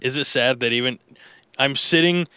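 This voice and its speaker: Bright, crisp-voiced male host. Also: medium pitch, moderate pace, no room sound, studio quality. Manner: chatty, joking, rambling with restarts. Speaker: radio host. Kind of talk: casual recorded chat. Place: studio alone, headphones. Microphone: studio mic with headphones.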